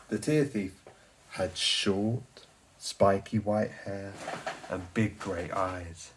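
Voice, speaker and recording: A man tells a children's bedtime story with lots of drama in his voice. He drops to a near whisper for sneaky moments and then builds up loud and excited. His speaking voice sits a little low. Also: slightly rough. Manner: animated, swings from hushed to loud and excited. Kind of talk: expressive children's story reading.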